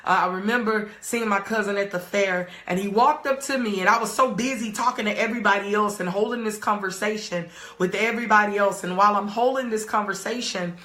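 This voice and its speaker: A woman's voice: mid-range voice, fairly quick, few pauses, sharp tone, echoey room. A woman, a life coach on a live stream, emphatically urging her viewers to type and react. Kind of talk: live-streamed motivational talk.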